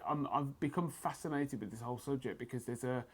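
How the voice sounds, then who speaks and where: A man, a fight photographer talking as a podcast guest in a blunt, lively, profane storytelling manner. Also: mid-range voice, a little fast, slightly rough. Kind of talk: casual podcast chat. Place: martial arts gym.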